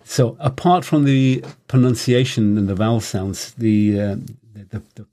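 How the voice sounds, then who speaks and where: A man's voice: lowish voice, normal speed, dark tone. Friendly man co-hosting a language lesson. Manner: friendly, asks questions, practices phrases as a learner. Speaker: co-host, learner.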